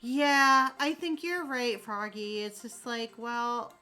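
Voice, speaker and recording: Chatty young woman, slightly high voice. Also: slow pace, clean tone, soft background music, low-quality recording. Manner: rambling, many fillers like "like" and "um"; warm, sympathetic toward viewers. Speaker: streamer answering chat. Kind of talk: casual chat.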